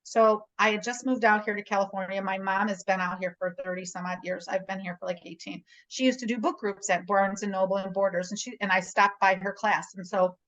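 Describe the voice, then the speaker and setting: A woman's voice: medium pitch, fairly even intonation, a little fast, few pauses, a bit bright, lo-fi sound. Middle-aged lady on a video call, chatty, keeps asking "right?", natural voice. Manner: chatty storyteller, often asks "right?". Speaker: guest realtor. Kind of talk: casual conversation.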